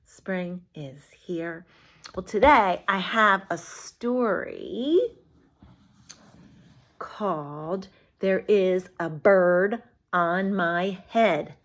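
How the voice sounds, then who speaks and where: A woman teacher reading a picture book aloud to young children, speaking in an animated, talking-to-kids manner. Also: medium pitch, extremely slow, long pauses.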